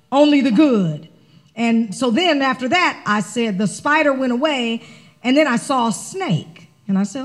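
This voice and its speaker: Her pitch fairly high, a female spiritual director delivers a sermon built around a personal story, told with animation and a conversational feel.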